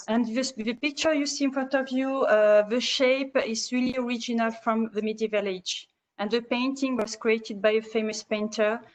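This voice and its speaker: A woman with as her walks a webinar audience through a hotel over a video call. Her voice sits fairly high and she hesitates and restarts often. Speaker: hotel presenter. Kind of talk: webinar presentation.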